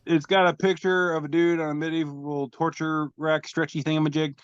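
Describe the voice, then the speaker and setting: A man's voice: a little high, level tone, a little fast, clean tone, dry recording, highs cut off. A man hosting a podcast over a video call, describing memes aloud in a rambling, self-deprecating way with casual swearing. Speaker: podcast host reading memes.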